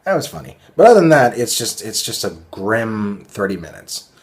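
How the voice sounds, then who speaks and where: Low-voiced guy doing a casual cartoon review, lots of ums and you knows, sarcastic rants. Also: sing-song, normal speed. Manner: rambling, sarcastic rants, many fillers.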